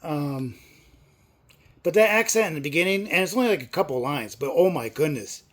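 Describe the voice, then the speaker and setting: A middle-aged man chats casually on his vlog, wandering from point to point with plenty of fillers. His voice sits a little high for a man. Every so often he bursts out with excitement. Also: fairly quick. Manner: rambling, filler-heavy talk with excited outbursts. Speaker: movie vlogger. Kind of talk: casual chat.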